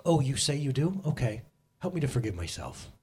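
A man in his thirties preaching a sermon with animated swings between loud exclamations and soft storytelling. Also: medium pitch, a little fast, husky. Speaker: pastor.

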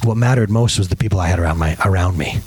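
A man's voice: low-pitched, quick pace, a little mellow, a little hiss or hum. A man preaching a sermon at a church service, casual and joking as he tells a story. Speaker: pastor.

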